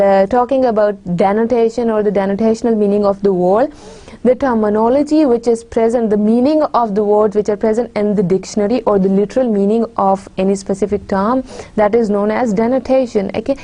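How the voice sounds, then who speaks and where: A woman's voice: on the high side, mellow. A woman giving a recorded English literature lecture, addressing her dear students often, with many fillers and restarts.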